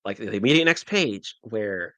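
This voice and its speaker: Male podcast co-host, sarcastic comic talk, lively and bright, dry sound. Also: fairly low pitch, moderate pace, no echo. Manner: animated, sarcastic, frequent "like". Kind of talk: casual comic book discussion.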